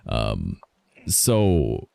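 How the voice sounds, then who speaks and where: Streamer type: very low gravelly man, pitch all over the place, sweary rambling chat on a headset. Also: huge pitch swings, drawn-out words, crowd noise. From Canada. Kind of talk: casual chat. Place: social VR game session.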